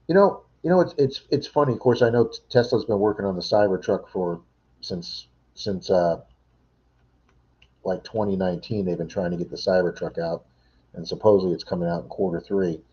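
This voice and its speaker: In a brisk, mellow, deep voice with the highs cut off, a middle-aged livestream host rambles from home and responds to his viewers' chat messages in a casual way.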